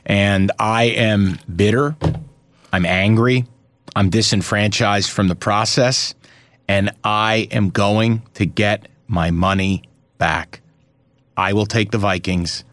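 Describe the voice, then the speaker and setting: A man's voice: steady tone, slow, a bit bright, dry recording. Profane man in theatrical mock outrage. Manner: theatrical mock outrage, profane, pitch jumps up sharply when riled. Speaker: sports betting podcast co-host. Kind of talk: casual sports betting chat.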